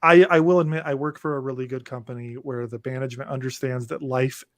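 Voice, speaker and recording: A man's voice: medium pitch, quick pace, dry recording, studio quality. A man co-hosting a podcast from home, chatting casually and rambling with lots of restarts. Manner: rambling, animated, many restarts. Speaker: podcast co-host. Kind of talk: casual chat. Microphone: remote home setup.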